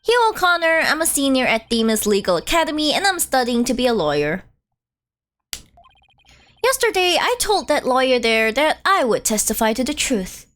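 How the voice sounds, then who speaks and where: A woman's voice: high-pitched, sing-song, moderate pace, fairly bright tone. A woman voicing a cocky young male law student witness while reading game dialogue aloud. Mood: smug. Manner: cocky, needling.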